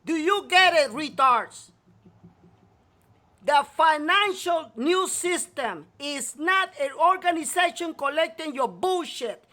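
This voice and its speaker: A man's voice: very high-pitched, expressive, takes it slowly, pushed and bright. A male talk show host delivering a profane, scolding rant, repeating himself to hammer his point home. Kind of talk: ranting talk show monologue.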